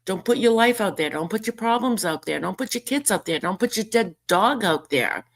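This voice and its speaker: A woman's voice: medium pitch, lively intonation, moderate pace. A woman vlogging casual commentary, indignant and sarcastic as she reads out messages and mocks them. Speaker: YouTuber responding to a message.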